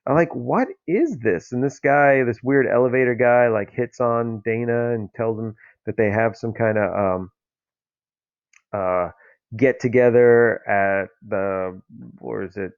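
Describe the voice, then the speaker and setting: A man's voice: medium pitch, fairly even intonation, measured pace, clear, resonant tone, no echo. Rambling, incredulous man on a dull lo-fi recording. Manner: rambling, incredulous, lots of fillers. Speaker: podcast host. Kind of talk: casual comic book review. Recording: dull lo-fi, dry sound.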